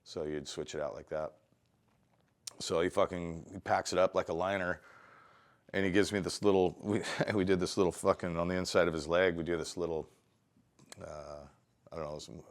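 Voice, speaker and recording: A man's voice: deep voice, a little fast, pauses often. A middle-aged man, a tattoo artist, telling rambling, profane stories in a casual interview. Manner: profane, rambling, animated storytelling.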